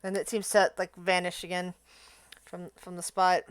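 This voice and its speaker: Rambling woman game master, smooth voice. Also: fairly low pitch, flat delivery, moderate pace. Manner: rambling, filler-heavy. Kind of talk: narrating a tabletop game.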